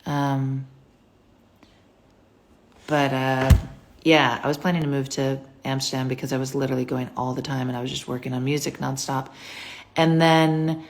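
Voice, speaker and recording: A woman's voice: a bass voice, flat delivery, moderate pace, pauses often, a little hiss or hum. A young woman from the US, casually chatting on a phone live stream and answering viewer questions in a rambling way, with lots of fillers. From United States.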